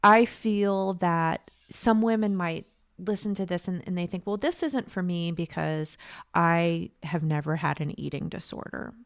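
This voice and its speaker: A woman's voice: lowish voice, unhurried, dry recording. Encouraging woman host, dry close sound. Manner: warm, encouraging, asks rhetorical questions. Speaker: podcast host, coach. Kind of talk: podcast interview.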